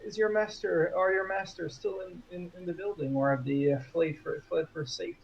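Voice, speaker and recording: A man's voice: sits high, steady tone, brisk, vocal fry, crowd noise. A man playing a tabletop role-playing game, talking earnestly in character and often restarting his phrases. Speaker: player. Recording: dull lo-fi mic with faint noise.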